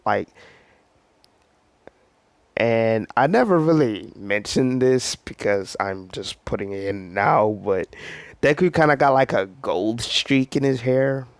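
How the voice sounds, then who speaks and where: A man's voice: mid-range voice, animated, takes it slowly, vocal fry, dry recording. A man casually telling a made-up story, rambling with lots of fillers. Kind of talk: casual fan-fiction storytelling.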